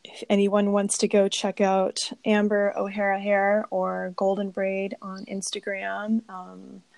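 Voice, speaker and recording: A woman hosting a casual podcast interview, soft-spoken and rambling, with many fillers. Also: medium pitch, monotone, a little slow, gravelly, dry recording. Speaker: podcast host.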